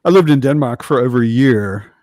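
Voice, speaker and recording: A man hosts a relaxed chat over a video call, his voice swinging widely in pitch as he jokes and swears in passing. His delivery is loose and chatty, and the sound is dry and close with no room around it. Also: a little fast, dry recording. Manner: chatty, swears casually, jokey. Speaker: host. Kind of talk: casual chat.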